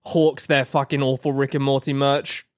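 A man's voice: medium pitch, flat delivery, normal speed, no room sound, clean studio sound. A man co-hosting a podcast, telling jokey stories in casual, profane chat. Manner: profane, joking storyteller. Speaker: podcast co-host.

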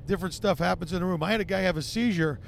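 Male comedian guest with a high, gravelly voice. Animated, profane storyteller who acts out the people in his stories. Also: rapid-fire, slight background noise. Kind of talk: podcast storytelling.

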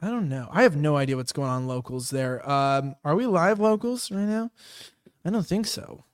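A man's voice: fairly high pitch, lively intonation, moderate pace, clean tone. A man hosting a casual livestream after-show, rambling with lots of fillers and loose jokes. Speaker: host.

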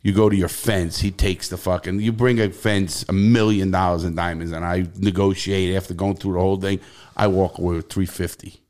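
In a brisk, low-pitched voice, a middle-aged man with a New York accent tells blunt stories as a podcast guest. Expect free swearing and a profane, animated delivery in this casual interview.

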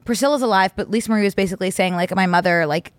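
A woman's voice: medium pitch, rapid-fire, no room sound. A young adult woman co-hosting a podcast in casual chat, telling stories with lots of "like" fillers. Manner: chatty, filler-heavy storytelling with lots of "like". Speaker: podcast co-host.

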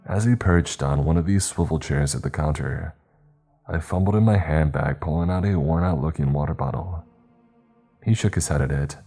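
A man reading a horror story aloud in steady, measured, scripted narration. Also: rumbling low, husky, faint music behind.

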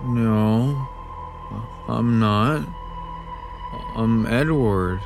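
A man's voice: mid-range voice, drawn-out words, over music. An actor playing a nosy male neighbor who barges in casually, then turns vacant and dim-witted, in an audio drama. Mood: dazed. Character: pushy male neighbor turning dazed and dim. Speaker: nosy trailer-park neighbor.

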